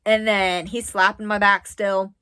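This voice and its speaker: A woman's voice: medium pitch, flat delivery, measured pace, bright, forceful tone, clean tone. Chatty young woman telling a story. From US East Coast. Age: 20s. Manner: chatty, rambling with frequent "like". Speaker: vlogger. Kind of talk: casual story time.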